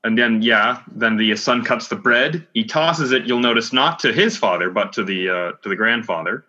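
A man co-hosting a casual film podcast, chatty and quick to add corrections and asides. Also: on the low side, sharp tone. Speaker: podcast co-host. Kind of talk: casual chat about a film. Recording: dull lo-fi audio.

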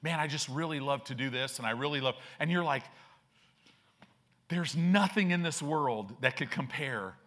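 A man's voice: medium pitch, normal speed, fairly bright tone. A male pastor preaching a sermon in a conversational, slangy way, acting out quoted characters with a shifting voice. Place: church sanctuary.

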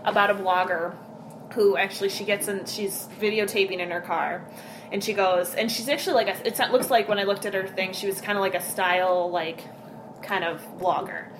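Profane, animated woman storyteller, noisy recording. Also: medium pitch, brisk. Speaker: podcast co-host. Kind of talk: casual chat. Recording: noisy background hiss.

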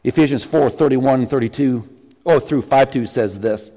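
Animated man preaching in a reverberant hall. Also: medium pitch, normal speed. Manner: animated, jokes with the congregation. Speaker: pastor. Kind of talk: sermon. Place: church sanctuary.

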